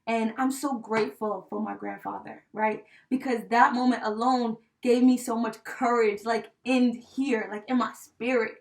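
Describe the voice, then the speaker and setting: A young woman co-hosting a podcast, telling a personal story in casual chat, heartfelt and animated, with many fillers like "you know" and "right?". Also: fairly high pitch, unhurried, hardly any pauses. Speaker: podcast co-host. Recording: voice a bit distant from the mic.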